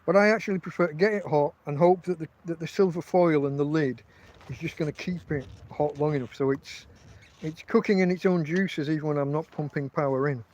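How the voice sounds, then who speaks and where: A man's voice: a little high, brisk, a little mellow, poor audio. An English man hosting a casual livestream from his tent, telling rambling, profane stories full of restarts. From England. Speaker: podcast host.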